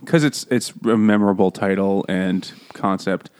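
A man's voice: sits low, fairly even intonation, moderate pace, hardly any pauses, darkish tone, clean tone. A man co-hosting a casual podcast, retelling a classic story in a crude, joking way and voicing its characters as he goes. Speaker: podcast co-host. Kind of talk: casual comedic book chat over beers.

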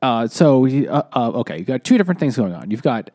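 A man's voice: mid-range voice, sing-song, quick pace, mellow. A man talking casually about a book as a podcast co-host, rambling with many restarts and fillers, and laughing easily. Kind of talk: casual chat.

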